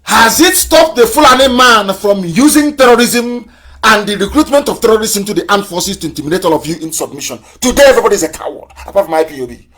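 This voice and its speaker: Man, raised pitch, fiery live broadcast address, hammers points with repeated questions and taunts. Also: a bit bright. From southeastern Nigeria. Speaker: movement leader on a live broadcast.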